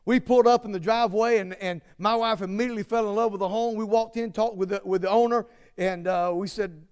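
A man preaching a sermon and telling personal stories, halting with many fillers and restarts, then rising to emphatic peaks. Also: sits high, fairly even intonation, a little mellow, clear, resonant tone. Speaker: pastor.

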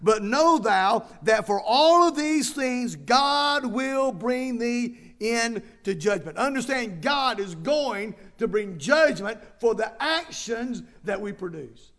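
Man, pastor, sermon, high voice, emphatic repeating delivery. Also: animated, takes it slowly, hardly any pauses, a bit bright. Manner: preaching with emphatic repetition, reading scripture aloud.

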